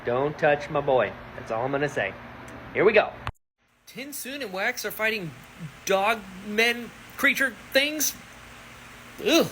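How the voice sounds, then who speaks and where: Male book reaction host, bright tone, swoops up and down a lot, excitable and gushing. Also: high voice, unhurried, long pauses, a little hiss or hum, rough recording. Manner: excitable, gushing, thinks aloud with many rhetorical questions. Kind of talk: casual book reaction vlog.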